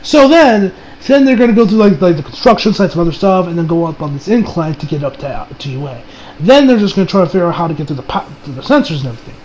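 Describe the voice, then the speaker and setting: A man's voice: sits high, lively intonation, fast talker, a little mellow, a little hiss or hum, poor audio. A young man reviewing an anime episode in casual chat, rambling with restarts and swearing freely.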